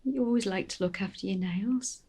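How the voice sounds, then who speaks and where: A grieving middle-aged mother, played by an actress in a film drama. Her voice is husky and dark, and she speaks in a soft, halting hush that often slips into a whisper. The delivery is gentle and intimate. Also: medium pitch, natural voice. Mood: hushed, tender.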